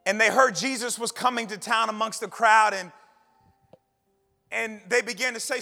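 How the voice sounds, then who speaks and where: Male pastor, sermon. Gravelly, bright, goes from soft to loud. Echoing hall, faint music behind. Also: steady tone, moderate pace, long pauses. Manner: swings from hushed low lines to loud shouted bursts.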